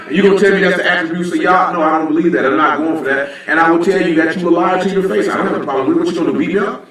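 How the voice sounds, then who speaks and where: A man's voice: high-pitched, very fast, fairly bright tone. A man gives informal, blunt Bible teaching, talking conversationally and often asking "you know what I'm saying". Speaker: teacher at a religious assembly. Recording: very echoey room, voice from a distance.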